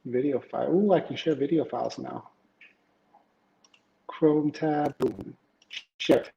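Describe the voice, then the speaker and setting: This warm, creaky, medium-pitched voice belongs to a slow-speaking man hosting a live tech show, rambling through news, welcoming viewers in chat and using many fillers. He records at home with an iPad camera and PC. Slight background noise sits in an echoey room with dull, lo-fi sound.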